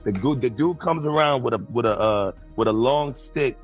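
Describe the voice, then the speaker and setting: A man's voice: mid-range voice, moderate pace, faint music behind. A man chatting as a guest, telling a story with many restarts and repeated words, laughing as he goes. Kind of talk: casual chat, anecdote.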